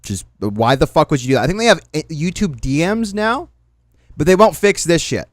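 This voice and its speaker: A man with a voice on the high side runs a livestream, speaking briskly with no echo on the sound. His casual commentary is profane and animated, full of rambling rants and jokes.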